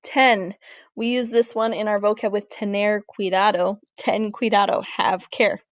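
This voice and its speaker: A woman Spanish teacher, walking through a recorded grammar lesson, clear and deliberate, slowing down to model words. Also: mid-range voice, steady tone, no echo. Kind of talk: recorded classroom lesson over slides.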